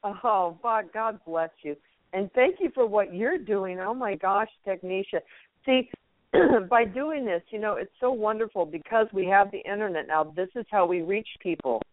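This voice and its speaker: A woman's voice: medium pitch, expressive, normal speed, no echo. A woman speaking as a guest radio host, effusive and encouraging in a spiritual, uplifting way. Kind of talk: inspirational phone interview. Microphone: phone. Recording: tinny phone line.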